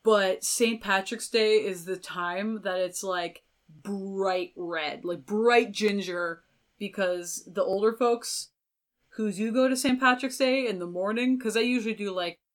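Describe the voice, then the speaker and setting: A woman's voice: medium pitch, a little slow. A young woman, a violinist guest on a podcast, telling stories in casual, chatty talk full of filler words. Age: young adult. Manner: chatty, lots of filler words, animated storytelling. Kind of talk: casual interview chat.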